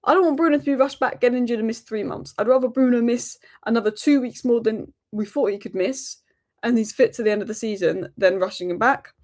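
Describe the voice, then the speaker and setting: A woman hosting a daily football news roundup, talking rapid-fire and opinionated. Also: a little high, a little mellow. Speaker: football channel host.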